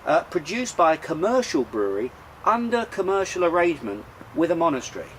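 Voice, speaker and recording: A man's voice: on the high side, very animated, brisk, a bit bright, a little hiss or hum, rough recording. Rambling chatty man hosting a beer show. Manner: rambling, chatty, many fillers and restarts. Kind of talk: casual chat about beer. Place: outdoors in sunshine.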